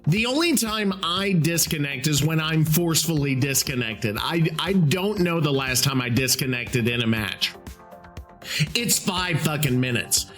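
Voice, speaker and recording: A man's voice: on the high side, fairly bright tone. A man hosting a solo podcast, ranting in an exasperated, profane way. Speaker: podcast host.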